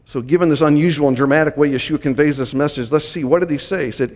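A man preaches a Bible teaching sermon to a Messianic congregation, explaining the text and lifting his voice for emphasis whenever he reads scripture aloud. His voice is fairly high and a little mellow, and he talks fast with barely a pause. A long hall reverb fills the recording.

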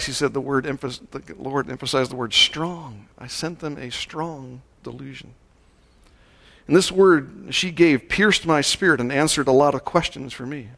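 Man preaching a slow, measured sermon. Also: medium pitch, a bit bright. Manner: measured, slowing down to stress key words. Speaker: pastor. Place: church service.

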